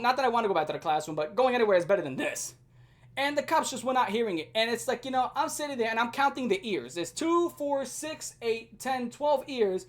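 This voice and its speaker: Profane, animated woman telling a story. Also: medium pitch, brisk. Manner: profane, animated, self-mocking. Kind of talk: casual storytime rant.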